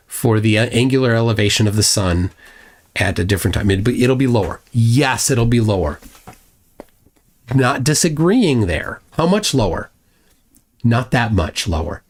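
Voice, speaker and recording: Blunt, mocking man on a livestream. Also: medium pitch. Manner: sarcastic, with many restarts. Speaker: livestream host. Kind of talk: livestream commentary, reading viewer chats.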